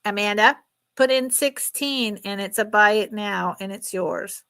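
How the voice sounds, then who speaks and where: Middle-aged woman, bright tone, slow unhurried talk. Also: mid-range voice, clean tone. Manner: chatty, laughing, emotional. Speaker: live sale host. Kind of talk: casual live stream selling.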